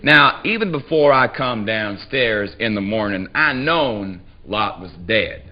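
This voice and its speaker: An actor voicing a blunt, sly country man from the Deep South, who drawls his story in a low register with earthy relish. It comes across as a dull, muffled live theatre recording. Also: lively intonation, unhurried. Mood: gleeful. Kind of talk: live dramatic reading. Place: theatre stage before a live audience.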